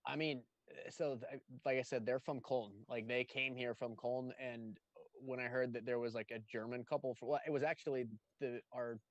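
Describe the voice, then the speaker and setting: Excited brewery guy rambling w lots of ums, kinda muffled dry audio. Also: medium pitch, fairly quick, dry recording. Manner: enthusiastic, rambling with many fillers. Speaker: brewery guest. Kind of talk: casual podcast chat. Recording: slightly dull lo-fi sound.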